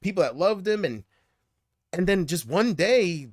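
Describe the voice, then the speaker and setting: Guy rambling on his livestream, kinda high voice, dead dry sound, trails off a lot. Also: animated, unhurried, no echo. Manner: rambling, trailing off, swears casually. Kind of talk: casual rambling livestream chat.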